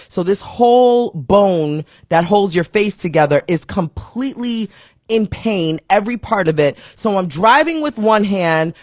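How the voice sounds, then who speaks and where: A woman talk show host telling a comic story in a casual, animated way. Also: no echo, studio quality. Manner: animated, comic storytelling with big pitch swings.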